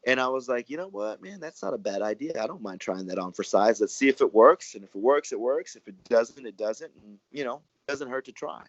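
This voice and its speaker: A man, a wrestler telling stories in a relaxed interview, rambling and acting out what others said. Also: medium pitch, a little fast, hardly any pauses, no echo. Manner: rambling, animated, acts out quoted dialogue. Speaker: professional wrestler and guest. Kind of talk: casual storytelling interview. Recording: dry, muffled lo-fi audio.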